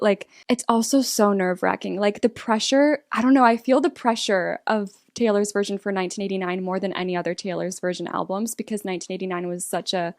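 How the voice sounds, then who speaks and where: A young woman hosting a casual album reaction, thinking aloud in an excitable, rambling way with lots of fillers. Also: medium pitch, no echo, studio quality. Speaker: music reaction host.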